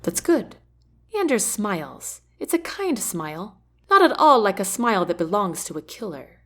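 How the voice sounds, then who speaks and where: A woman narrating a novel in the first person, with an expressive, varied reading. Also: medium pitch, moderate pace. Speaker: audiobook narrator.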